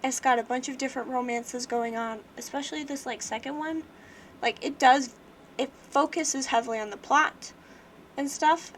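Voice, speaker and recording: A woman's voice: high-pitched, fairly even intonation, moderate pace, slight background noise. A young woman casually chatting on a livestream, rambling with lots of fillers and restarts as she talks through a book. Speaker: livestream host. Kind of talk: casual book review chat.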